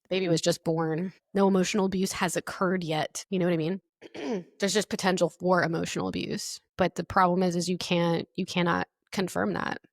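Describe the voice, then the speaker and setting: A woman's voice: on the low side, little pitch movement, brisk, gravelly, no echo, clean studio sound. A young woman hosting a podcast, reacting bluntly to online posts, swearing freely and laughing often. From United States. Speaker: podcast host. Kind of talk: casual podcast chat reading online posts.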